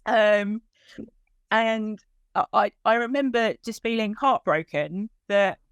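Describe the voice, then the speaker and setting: A woman of medium pitch speaks slowly in a clean tone, with no room sound. Telling how she searched for her lost dog, she animates the story with quoted dialogue, and her voice rises at the moving moments.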